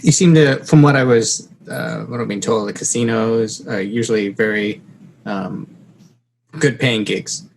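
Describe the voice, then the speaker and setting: A man hosting a podcast, asking questions and reacting with quick exclamations in casual conversation. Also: lowish voice, gravelly, a little hiss or hum. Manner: reactive, prompting with short exclamations. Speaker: podcast host. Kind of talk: casual interview.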